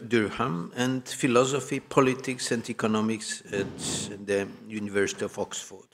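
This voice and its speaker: A man's voice: lowish voice, fairly bright tone. A man reading a formal speaker introduction at a conference, with a few hesitant fillers. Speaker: conference moderator. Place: conference hall.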